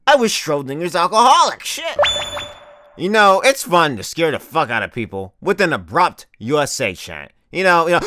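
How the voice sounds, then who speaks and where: A man's voice: on the high side, very animated, normal speed, bright, forceful tone. A young man delivering a profane comedic rant as the host of a comedy video, swearing constantly and exaggerating for laughs.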